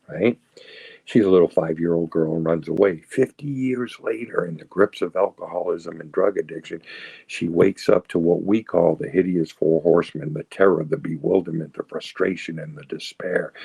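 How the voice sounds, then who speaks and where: A man's voice: deep voice, vocal fry, warm tone, slightly rough, no room sound, low-quality recording. An older man from south of Boston giving a personal recovery talk, telling stories and acting out what people said, often repeating his words. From United States, south of Boston. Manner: storytelling, repeats words, acts out quotes. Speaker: recovery speaker.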